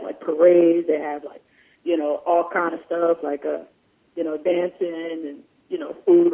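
A woman's voice: fairly low pitch, vocal fry, a little mellow. A woman hosting a podcast, telling stories casually with plenty of fillers and swearing. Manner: loose, profane storytelling with frequent fillers. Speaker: podcast host. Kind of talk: casual chat. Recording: dull lo-fi sound.

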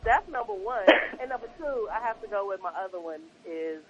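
A guest joins the chat over a thin, phone-like line. The voice is husky, and the pitch swings around a lot. They banter and stick up for their own choices. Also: lively intonation, brisk. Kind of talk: casual chat. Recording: tinny phone-like call line.

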